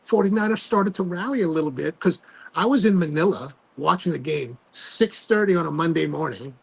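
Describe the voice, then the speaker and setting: A man hosting a casual livestream chat, telling animated stories full of fillers and restarts. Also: on the high side, brisk. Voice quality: gravelly, husky voice. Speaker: host.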